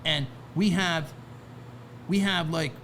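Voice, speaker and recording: Male podcast guest, slightly high, gravelly voice, rambling talker full of restarts, faint background noise. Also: slow pace, fairly bright tone. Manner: rambling, many restarts and "right?" asides. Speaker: guest, record label founder. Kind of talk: casual interview talk.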